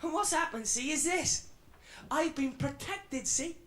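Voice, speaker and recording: Heavily acted, pushed and bright, this very high male voice is expressive yet unhurried. In a radio drama, the actor portrays an edgy, defiant Welsh comedian in his 20s delivering a swaggering stand-up routine.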